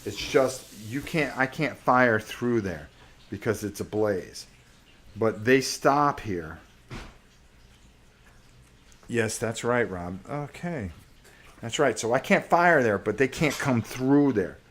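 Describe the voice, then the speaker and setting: A man's voice: medium pitch, animated, slow, pauses often, fairly bright tone. A man with a sore voice hosting a live stream, playing a solo board wargame and thinking aloud as he checks the rules. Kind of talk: casual live-stream gameplay commentary.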